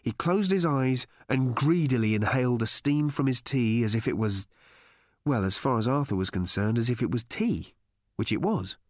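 Male audiobook narrator, deadpan and measured, lively pitch, super dry close sound. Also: dry recording.

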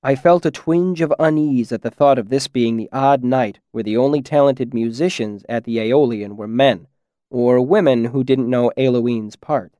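A man narrating a first-person fantasy audiobook in a measured, reflective way. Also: mid-range voice, dark tone, dry recording, clean studio sound.

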